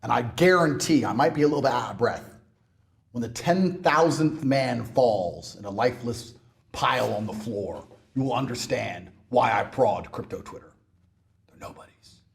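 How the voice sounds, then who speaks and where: A man's voice: mid-range voice, lively intonation, normal speed, creaky. A man in a brash, mocking monologue, swearing often. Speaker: internet personality. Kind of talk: ranting monologue.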